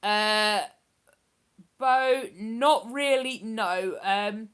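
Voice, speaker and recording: Woman, live-stream host; slightly high, chatty, rambling delivery full of fillers. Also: drawn-out words, fairly bright tone, smooth. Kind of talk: casual live-stream chat, reading viewer comments.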